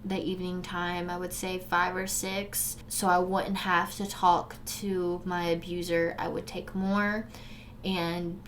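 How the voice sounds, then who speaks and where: A woman's voice: fairly low pitch, little pitch movement, slow pace, slight background noise. A young adult woman telling her own story to the camera in an earnest, emotional way, speaking straight to her viewers. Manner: swings from forceful urging to soft, subdued recollection. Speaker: vlogger sharing a personal story. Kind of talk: candid direct-to-camera storytelling.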